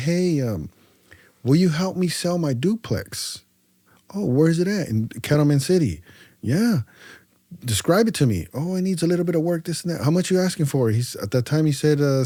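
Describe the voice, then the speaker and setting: Guy from the central valley telling a story on a podcast, mellow voice, dry close sound, acts out every line of the conversation. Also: a little high, dry recording. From Central Valley, California. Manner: animated, acts out both sides of conversations; stumbles and repeats words. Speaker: podcast guest. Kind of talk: casual storytelling.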